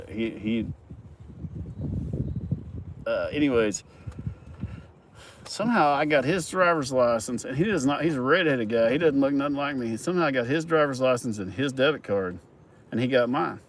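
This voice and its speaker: A man's voice: mid-range voice, expressive, normal speed, long pauses. Rambling, chuckling middle-aged man outdoors. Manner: rambling, profane, chuckling yarn-spinner. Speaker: farm worker telling stories. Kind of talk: casual storytelling. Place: outdoors at a work site. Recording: outdoor recording with traffic noise. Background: vehicle and outdoor noise.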